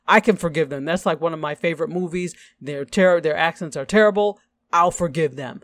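A man from Nigeria with a Nigerian accent, co-hosting a casual TV review chat, emphatic and animated. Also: a little high, fairly quick, dry recording. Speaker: podcast co-host.

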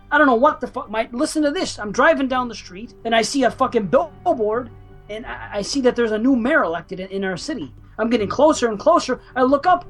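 A man's voice: very high voice, fairly bright tone. A man co-hosting a horror movie podcast, rambling in a frantic, profane way. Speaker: podcast co-host. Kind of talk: casual horror podcast banter.

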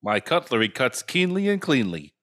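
A man's voice: medium pitch, very animated, normal speed, a bit bright, no room sound, studio quality. A man co-hosting a casual podcast, reading tongue twisters and swearing when he trips up. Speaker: podcast co-host.

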